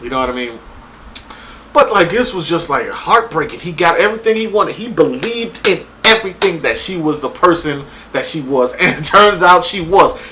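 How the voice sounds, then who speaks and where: Bright-voiced man ranting over a show. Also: fairly high pitch, normal speed, slight background noise. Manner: profane, animated retelling. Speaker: TV show reviewer. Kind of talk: casual review chat.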